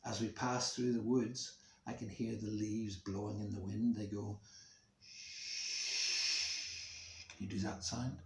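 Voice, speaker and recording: A male music teacher reads a story to schoolchildren from a room at home, speaking slowly and expressively in a lowish voice and making sound effects for the kids. The window is open to a nearby main road, so there's slight background noise, and the room adds echo.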